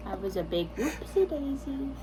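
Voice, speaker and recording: A woman's voice: high-pitched, lively intonation, normal speed, very noisy. A woman chiming in on a casual vlog with teasing, blunt quips. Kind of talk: casual chat.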